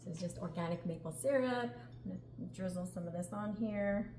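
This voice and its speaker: A woman's voice: lowish voice, brisk, mellow. Upbeat woman cooking host, echoey home kitchen, noisy background. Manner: upbeat, chatty, laughs often. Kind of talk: casual cooking demonstration.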